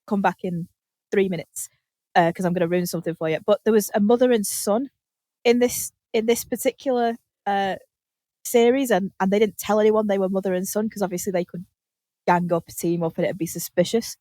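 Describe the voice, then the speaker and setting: A British woman hosting a podcast, telling animated stories in casual chat, laughing often and swearing casually. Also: mid-range voice, brisk, dry recording. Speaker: podcast host.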